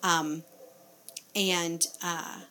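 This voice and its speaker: A woman's voice: on the low side, fairly even intonation, drawn-out words, sharp tone, slight background noise. A woman giving parenting advice in a casual instructional talk, conversational, with frequent fillers and rhetorical questions.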